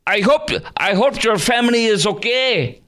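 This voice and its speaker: A cooing, over-sweet woman politician, squeaky and drawn out, as a male talk-radio host mocks her in falsetto. The voice slides high and lilting, every phrase stretched long. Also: expressive, normal speed, pushed and bright, heavily acted. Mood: mocking. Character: mocking impression of a gushing woman politician.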